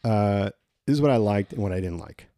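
A man co-hosting a podcast in casual chat, blunt with his opinions and quick to laugh. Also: on the low side, mellow, dry recording. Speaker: podcast co-host.

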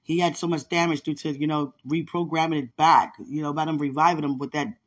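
A woman hosting a podcast, telling a personal faith testimony in casual, animated storytelling. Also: deep voice, quick pace. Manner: animated storytelling, acts out others' words. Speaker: podcast host.

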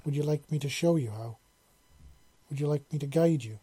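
A man voicing a gentle, lizard-like female lover who speaks softly and coaxingly, quietly commanding. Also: fairly high pitch, normal speed, slight background noise, natural voice. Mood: soft, tender.

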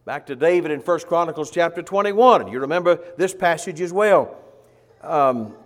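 Folksy preacher in a reverberant church. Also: male voice, fairly high pitch, animated, normal speed. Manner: folksy storytelling, acts out quoted voices. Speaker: pastor. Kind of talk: sermon.

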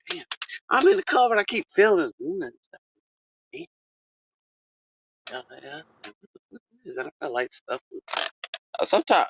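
A man tells a story on his casual podcast. He swears a lot, and his pitch swings widely as he breaks into sudden loud exclamations. The recording sounds dull and lo-fi. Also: no room sound. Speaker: podcast host.

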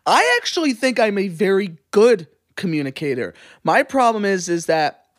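Podcast co-host, male, high and lively voice, candid and profane, dry close mic. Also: normal speed, no echo. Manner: candid, swears freely, rambling. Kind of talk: casual chat.

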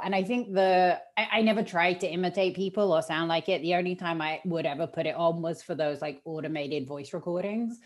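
Interview guest: woman, 30s, low voice, British accent with an Australian lilt, chatty. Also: a little fast, few pauses. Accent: mixed British and Australian. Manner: chatty, laughs often. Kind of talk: casual interview chat.

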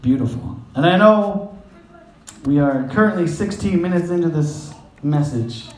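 A man's voice: a little high, expressive, unhurried, darkish tone, reverberant, slight background noise, rough recording. A male pastor giving a sermon in a loose, conversational way, joking, laughing often and briefly acting out the people in his stories.

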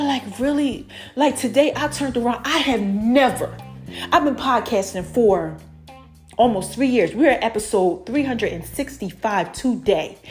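Woman podcast host, gushing and chatty, a bit high-pitched, faint music underneath. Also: a little mellow. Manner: effusive, chatty, lots of "y'all" and "oh my gosh". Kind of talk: excited casual podcast chat.

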